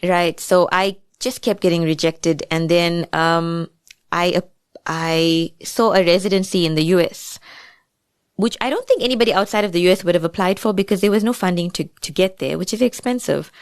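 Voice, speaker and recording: South African woman author, guest on a podcast; lower voice, dry sound, reflective and chatty with many asides. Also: normal speed, clear, resonant tone, no room sound. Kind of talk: casual podcast interview.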